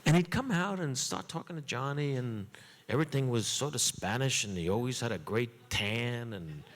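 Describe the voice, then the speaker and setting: A man who is a comedian guest, telling an anecdote in a chatty, animated way with frequent fillers. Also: mid-range voice, moderate pace, big-room sound, slight background noise. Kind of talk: storytelling anecdote.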